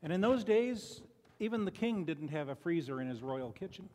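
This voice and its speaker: A man's voice: a little high, animated, normal speed, a little mellow. Older man preaching folksy sermon in hall. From Chicago. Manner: folksy, conversational, frequent restarts and "you know". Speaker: lay preacher. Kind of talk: sermon with personal stories. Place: church sanctuary.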